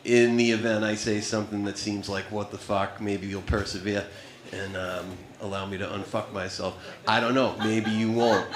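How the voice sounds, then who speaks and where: This thirtysomething comic works a small club stage with a profane, wry, rambling set, often cutting himself off partway through a sentence. He speaks at a normal speed in a lowish, fairly even voice, caught live in an echoey, noisy room where the audience laughs.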